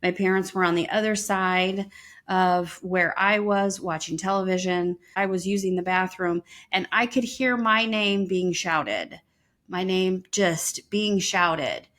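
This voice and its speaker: A woman's voice: fairly low pitch, unhurried. Woman co-host telling a story. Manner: lively retelling with frequent ums. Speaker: podcast co-host. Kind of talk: casual storytelling.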